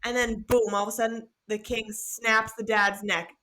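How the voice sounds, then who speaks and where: A young adult woman co-hosting a podcast, recapping a book in casual chat, animated and sweary, acting out the characters' lines. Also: a little high, moderate pace. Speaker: podcast co-host.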